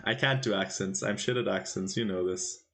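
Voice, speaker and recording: A man's voice: lowish voice, moderate pace, creaky, fairly bright tone. Playful man chatting on a live stream. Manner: playful, teasing the chat with quiz questions. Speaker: chess tournament commentator and streamer. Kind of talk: casual live-stream chat.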